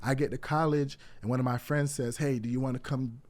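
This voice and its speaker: Animated young man telling stories. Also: medium pitch, a little fast. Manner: animated storyteller acting out quoted dialogue, many fillers. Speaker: guest, wrestling coach. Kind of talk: casual interview storytelling.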